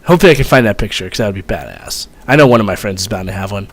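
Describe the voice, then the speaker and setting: A man's voice: lowish voice, expressive, very fast. A young man casually telling a rambling, profane story as a vlogger, full of fillers and swearing.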